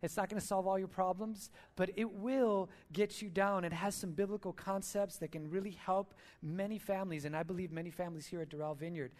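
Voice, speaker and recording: A man's voice: high voice, steady tone, a little fast, few pauses, darkish tone. A man giving a sermon at church, telling stories in an earnest, heartfelt way. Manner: earnest, storytelling. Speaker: church speaker.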